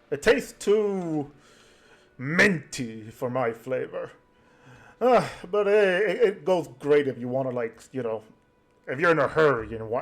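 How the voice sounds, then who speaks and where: A man voicing a cocky, cheerful male gnome in a tabletop game, chatty and boastful. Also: mid-range voice.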